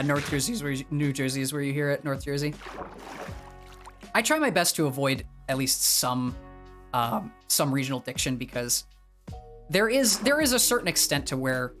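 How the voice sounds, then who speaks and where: A man's voice: fairly high pitch, sharp tone. A young man from the northeastern US, chatting casually on his livestream and rambling, with many fillers and restarts. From northeastern US, near Boston. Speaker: streamer.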